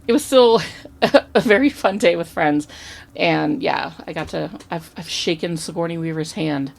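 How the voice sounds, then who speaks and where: This is a woman co-hosting a relaxed podcast, spinning an anecdote with lots of energy and the odd swear word. Her voice sits on the low side and has a gravelly, fry-edged texture. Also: measured pace. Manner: animated, chatty, swears casually. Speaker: podcast co-host. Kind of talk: casual podcast storytelling.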